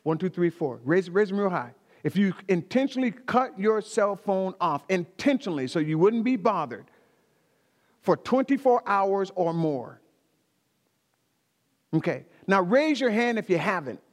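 A male pastor delivers a sermon to his congregation, driving his points home by repeating key phrases. His voice sits a little high for a man. The sound carries the long reverb of a large church hall. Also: very animated, measured pace.

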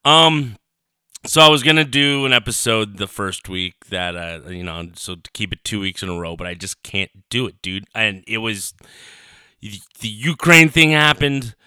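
A man's voice: lowish voice, a little slow, sharp tone, smooth, no echo, studio quality. A young man hosting his own podcast from his parents' kitchen, rambling and swearing in a heated rant. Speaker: podcast host. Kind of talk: casual solo podcast rant. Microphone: home recorder on a computer.

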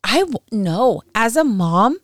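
This woman in her forties co-hosts a podcast and has teenage kids; she chats casually through family anecdotes, wandering off topic and laughing a lot. Her voice is fairly high and sing-song, slow-paced, with no echo.

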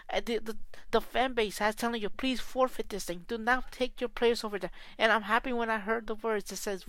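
A woman's voice: fairly high pitch, a bit bright, no echo. A woman soccer fan podcaster delivering a heated, profane, repetitive solo rant.

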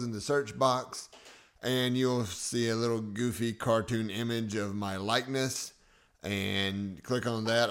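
A man's voice: on the low side, fairly bright tone. Chatty, self-joking male podcast host. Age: 40s. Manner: chatty and self-joking, chuckles at his own lines. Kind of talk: casual podcast monologue telling personal stories. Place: podcast studio.

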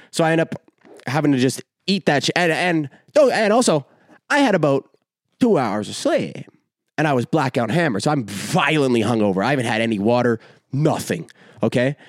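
A man's voice: mid-range voice, no echo, studio quality. Profane young man telling a story. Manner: animated, profane, rambling storyteller. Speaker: podcast host. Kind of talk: casual storytelling chat.

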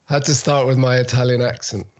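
A man speaking as a guest speaker in a casual interview over a video call, relaxed and laughing easily. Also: medium pitch, fairly quick.

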